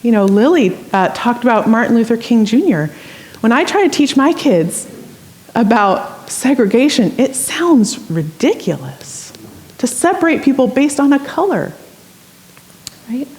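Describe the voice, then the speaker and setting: A woman's voice: on the high side, very animated, unhurried, darkish tone. A woman pastor giving a sermon in a church, conversational and storytelling, with asides to the congregation. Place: church sanctuary.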